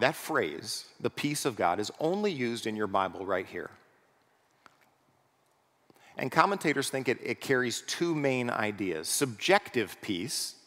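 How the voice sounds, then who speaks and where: A pastor preaching a sermon in a conversational way, often checking in with the congregation through rhetorical questions. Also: male voice, medium pitch, fairly bright tone. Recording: long reverb of a large hall.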